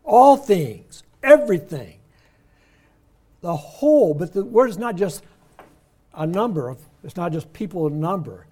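An older man leading a Bible study, his voice on the high side for a man but mellow and soft-edged. He talks conversationally, slowing down to lean on the words he wants to stress. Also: lively intonation. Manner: conversational, explains words slowly with emphasis.

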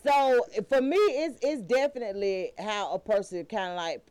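A man's voice: sits high, normal speed, a little mellow, clear, resonant tone, dry recording. A man hosting a casual group chat, joking and profane, asking the others questions.

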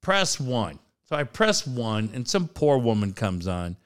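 Smooth-voiced radio co-host. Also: male voice, mid-range voice, very animated, measured pace. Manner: storytelling, swears casually. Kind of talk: casual chat with live reads.

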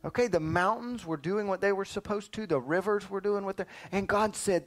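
A man teaching a lively Bible lesson to children, quizzing them and often calling "listen up" to get their attention. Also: high-pitched, a little fast, hardly any pauses. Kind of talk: animated Sunday school lesson.

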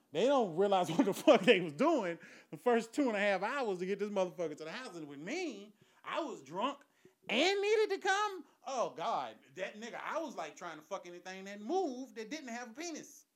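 Profane storytelling man, high voice. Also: big pitch swings, normal speed. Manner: profane, laughing often, conversational. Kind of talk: crude storytelling monologue.

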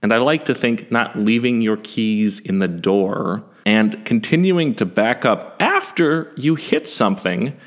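A man's voice: lowish voice, unhurried, few pauses. Self-mocking man in his forties. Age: 40s. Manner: self-deprecating, animated, occasional swearing. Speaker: storyteller. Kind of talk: first-person personal storytelling.

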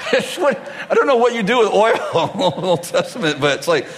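Male preacher, high and very lively pitch, jokes and laughs through his sermon; large hall with a long reverb. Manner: jokey, laughs often, acts out dialogue in quick voices. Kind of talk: humorous sermon. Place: large church hall before a live audience. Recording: reverberant hall with faint audience and noise.

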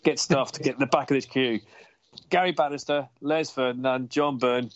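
A man's voice: mid-range voice, steady tone, normal speed, a little hiss or hum. A man chatting about football in a passionate, rambling way, swearing and getting carried away, heard over a video call. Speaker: podcast guest. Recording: dull lo-fi video call audio.

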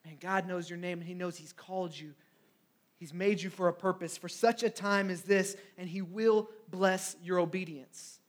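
High-voiced man preaching a sermon. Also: fairly even intonation, moderate pace. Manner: conversational preaching with frequent "right?" asides and acted quotes.

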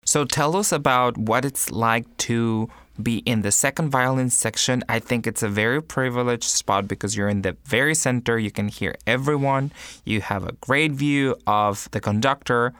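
Low-voiced man asking questions, dry. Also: moderate pace, a bit bright, clean tone, no room sound. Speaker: interviewer, orchestra member. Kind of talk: casual interview chat.

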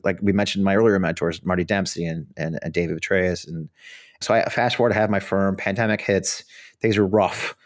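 Fast-talking blunt middle-aged man. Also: low-pitched, fairly even intonation. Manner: fast, blunt anecdotes with swearing and laughter. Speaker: guest. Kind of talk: storytelling in a podcast interview.

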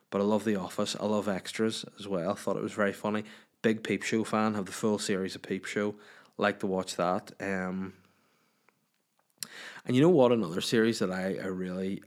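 A Northern Irish man chats on his own podcast from a room at home in a lowish voice. He rambles and swears freely, cracking jokes at his own expense. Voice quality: sweary, self-mocking, rambling. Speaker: podcast host. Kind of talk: casual solo podcast chat.

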